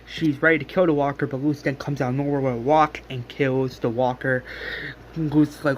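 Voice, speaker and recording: A man with a slightly high voice talks through a story scene by scene in a loose, rambling way. He stumbles over restarts and leans on fillers as he goes, with a faint hiss behind him. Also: fairly even intonation, moderate pace, dull audio. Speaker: fan retelling a story. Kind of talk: casual scene-by-scene recap.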